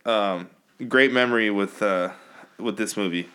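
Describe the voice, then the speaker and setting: A man co-hosting a movie podcast in casual chat, an animated storyteller who acts out quotes and swears freely. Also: fairly low pitch, a little slow, clear, resonant tone. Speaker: podcast co-host.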